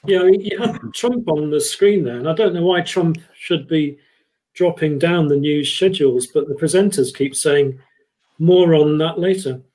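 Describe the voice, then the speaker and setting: A man competing in a pun contest, setting up his joke deadpan. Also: on the high side, measured pace, poor audio.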